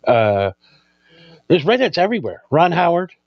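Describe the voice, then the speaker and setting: A man's voice: on the high side, very animated, moderate pace, no room sound. Male co-host, crude banter, bouncy intonation, muffled dry recording. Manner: crude joking banter, trails off into tangents. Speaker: podcast co-host. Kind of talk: casual stoned chat.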